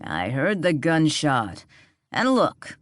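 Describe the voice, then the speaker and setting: A woman's voice: sits low, big pitch swings, slow, dry recording, clean studio sound, exaggerated voice. A woman voicing a harsh, suspicious man who barks demands in an audiobook. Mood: demanding.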